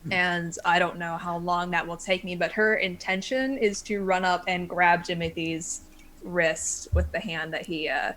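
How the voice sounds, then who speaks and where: A woman's voice: lowish voice, fairly even intonation, a little slow, fairly bright tone, slight background noise. A woman playing a tabletop game, describing her character's actions in a playful, wry way and laughing easily. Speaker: player.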